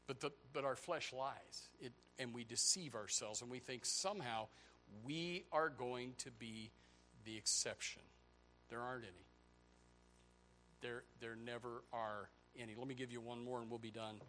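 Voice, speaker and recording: A pastor preaching a sermon, swinging from loud, high outbursts to low, quiet stretches. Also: male voice, normal speed, slight background noise. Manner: animated preaching, voice rising to near shouts and dropping low.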